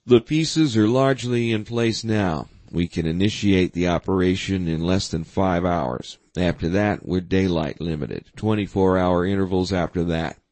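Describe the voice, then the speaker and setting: A man reading the lines of a blunt, forceful middle-aged navy admiral in an audiobook. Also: low-pitched, normal speed, hardly any pauses, no echo. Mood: measured.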